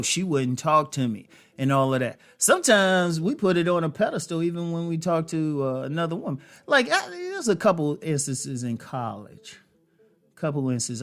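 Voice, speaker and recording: A man hosting a dating advice show, speaking to women in a loose storytelling way, with many fillers. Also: mid-range voice. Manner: conversational, storytelling, frequent fillers and laughs. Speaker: host. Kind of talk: casual advice monologue.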